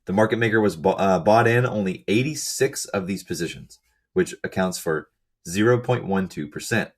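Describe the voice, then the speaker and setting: Hoarse guy, voice kinda low and going, reading thru paper slides point by point. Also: normal speed. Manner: methodical, reads out lists and figures with brief asides. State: hoarse, losing his voice. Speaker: channel host explaining research. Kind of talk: walking through slides of a research paper.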